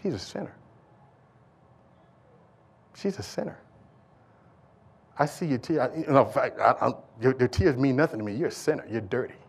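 Preacher putting on a smug self-righteous pharisee, low and quiet, sneering. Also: male voice, lively intonation, moderate pace, pauses often, husky. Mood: scornful. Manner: low, quiet, contemptuous accusing. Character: cold self-righteous male Pharisee, merciless and scornful.

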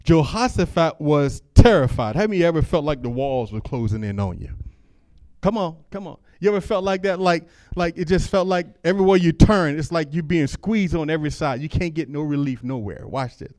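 A man preaching a sermon, talking casually with the congregation and reading scripture aloud, then rising to loud, fervent calls. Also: on the high side, brisk, dry recording. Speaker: pastor.

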